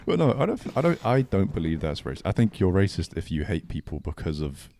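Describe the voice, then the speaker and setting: A man co-hosting a casual podcast, cracking dry, deadpan jokes and teasing his friend. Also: sits low, fairly quick, a little hiss or hum. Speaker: podcast co-host. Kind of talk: casual chat.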